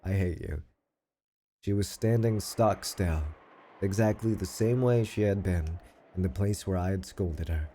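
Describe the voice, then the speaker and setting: A man streaming himself reading a visual novel aloud in a steady, low-key narrating voice. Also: unhurried, a little hiss or hum.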